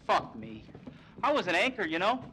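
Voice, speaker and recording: A man's voice: high-pitched, big pitch swings, moderate pace, sharp tone, a little hiss or hum, heavily acted. An actor playing a crude, sarcastic male TV host in a video game, swearing freely. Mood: sneering. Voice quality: sarcastic, profane. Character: brash crude male TV host, middle-aged. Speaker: TV show host.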